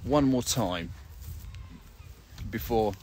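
A man's voice: mid-range voice, animated, drawn-out words, a little mellow. A man talking casually to his viewers as he walks around a farm, chatty and rambling, with lots of fillers. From England. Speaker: English teacher vlogger. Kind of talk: casual walking vlog. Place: outdoors on a farm. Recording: outdoor noise in the background.

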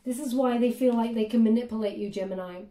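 Tarot reader, female, chatty and hesitant with lots of ums; voice mellow, mic distant. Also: fairly high pitch, steady tone, fast, reverberant. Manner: chatty, hesitant, many fillers, drops to soft murmured prayers. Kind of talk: tarot reading monologue.

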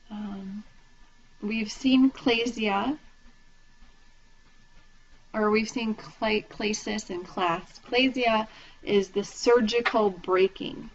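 A woman instructor gives a patient recorded lecture, spelling out terms letter by letter. The recording sounds dull and lo-fi, with a faint hiss of noise underneath. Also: mid-range voice.

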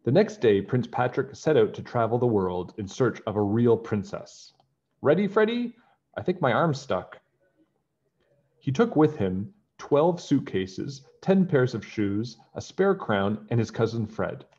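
A man reading a children's picture book aloud in a friendly, animated way. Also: mid-range voice, measured pace, few pauses, husky. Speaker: storybook reader. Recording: dull lo-fi home recording.

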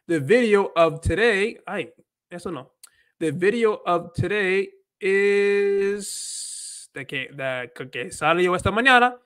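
A man's voice: a little high, a bit bright. A man hosting a casual livestream about learning, rambling and thinking aloud as he talks. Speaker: livestream host and Spanish learner.

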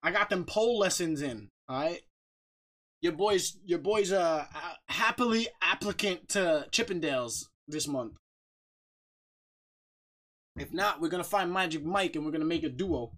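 A man streaming a game live, chatting casually, reading out viewer shout-outs, joking and laughing often. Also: a little high, measured pace. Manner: bursts of loud excited talk.

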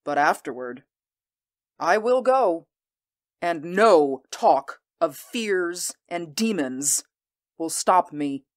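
Fields: Figure: proud warrior queen, acted by a woman. Pitch: lowish. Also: lively intonation. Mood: proud, fierce. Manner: intense, measured and commanding. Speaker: voice actor. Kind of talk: audio drama acting.

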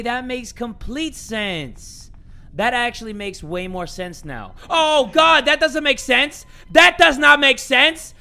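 A young man with a sore throat giving jumpy, joking commentary on a horror game, breaking into sudden shouts. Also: extremely high pitch, gravelly. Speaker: gaming channel host.

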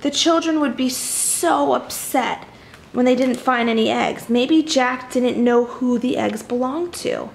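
A young woman reading a picture book aloud to children, with chatty, animated asides to her little listeners. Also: high voice, measured pace, gravelly, a little hiss or hum. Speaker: children's storybook reader.

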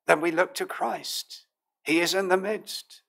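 A man preaching a sermon as pastor, in a measured, earnest manner with old King James phrasing. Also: sits high, fairly even intonation, creaky, bright, forceful tone.

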